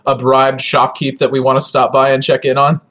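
A man's voice: medium pitch, monotone, brisk, a bit bright. A man playing a tabletop role-playing game, chatting casually and joking at his own expense. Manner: joking, self-deprecating. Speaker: player. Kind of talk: casual chat.

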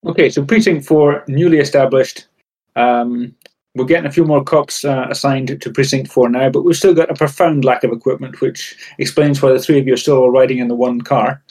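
A man narrating and running a tabletop role-playing game as game master, in a relaxed, chatty way. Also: mid-range voice, brisk.

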